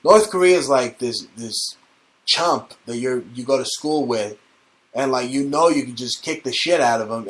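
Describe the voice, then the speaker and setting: A man hosting a comedy show, ranting in a rambling, swear-laden, mock-conspiracy style. His voice sits at an ordinary male pitch. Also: moderate pace. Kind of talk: satirical comedy rant.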